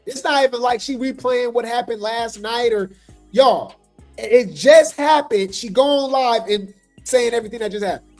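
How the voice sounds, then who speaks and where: A woman's voice: fairly high pitch, normal speed, a little mellow, faint music behind. A woman hosting a casual gossip commentary livestream, talking straight to her viewers. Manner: chatty, talks straight to the viewers. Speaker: host of a gossip commentary show.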